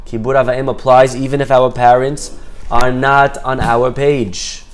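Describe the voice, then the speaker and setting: A man's voice: mid-range voice, a little slow. A man teaching a Torah class, telling a story with Hebrew phrases mixed in and acting out the characters' voices. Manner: lively storyteller, acts out quoted voices.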